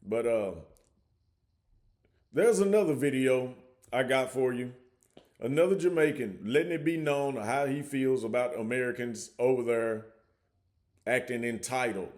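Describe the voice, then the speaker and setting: A man's voice: mid-range voice, unhurried, pauses often, darkish tone. A man hosting a casual reaction commentary, talking conversationally with frequent stammering restarts. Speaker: commentary host.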